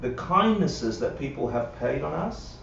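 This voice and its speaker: A man's voice: medium pitch, animated, unhurried, creaky, a bit bright, a little hiss or hum. Guy teaching a class, chatty, keeps saying yeah?, really echoey room, mic way off. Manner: conversational, checks in with "yeah?" and acts out quotes. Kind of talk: live Buddhist class lecture. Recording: roomy, dull livestream audio from a distance.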